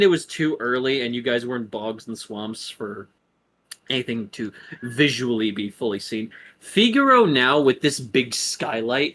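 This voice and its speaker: A man's voice: mid-range voice, a bit bright, husky. A man narrating as game master in a tabletop game, rambling with lots of ums and uhs.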